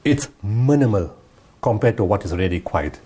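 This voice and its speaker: A man's voice: fairly low pitch, animated, fairly quick, mellow, slightly rough. A man giving impassioned interview answers, emphatic and repeating his points. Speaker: guest humanitarian speaker.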